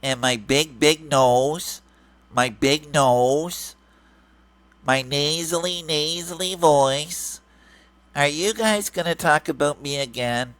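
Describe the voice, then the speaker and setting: A man does a mocking, nasal impression of a greedy, whiny male grifter who keeps begging for money, sing-song and repetitive. His voice is a little high and a bit bright, and he takes it slowly, in a dry recording with the voice pushed up.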